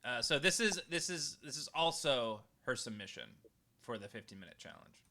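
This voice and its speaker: Male host, casual chat, stammering restarts, bright edgy tone. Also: medium pitch, animated, moderate pace, a little hiss or hum.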